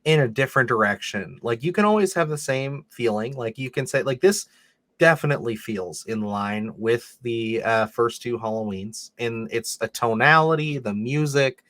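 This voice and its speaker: A man's voice: mid-range voice, animated, normal speed, a bit bright, dry recording. A man co-hosting a casual podcast chat about a film, rambling with lots of "like" and "you know.". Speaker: podcast co-host.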